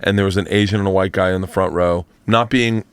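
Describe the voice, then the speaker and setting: A man's voice: sits low, quick pace, clear, resonant tone. A man telling a rambling comedy story as a podcast guest, acting out the other people's voices. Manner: animated, rambling, acts out voices in anecdotes.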